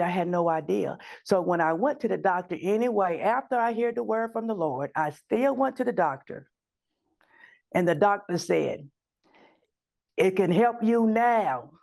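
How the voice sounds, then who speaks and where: A woman's voice: fairly low pitch, vocal fry, darkish tone. A middle-aged woman giving an earnest, emotional personal faith testimony as a guest, slipping into fervent prayer.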